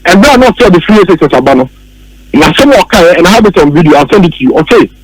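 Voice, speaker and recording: Ghanaian male radio pundit, high voice, emphatic and argumentative, faint noise behind. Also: expressive, racing, rough recording. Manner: emphatic, argumentative, repeats points. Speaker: political commentator. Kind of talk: radio political talk.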